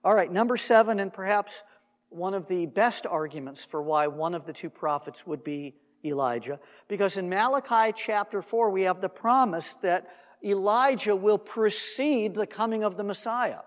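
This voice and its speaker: Speaking at a normal pace, a man with a strikingly high voice teaches scripture in a Bible sermon, bringing the story's characters to life by voicing their lines. This Messianic teacher is undogmatic and drops in conversational asides, and his words echo at length as if in a big hall.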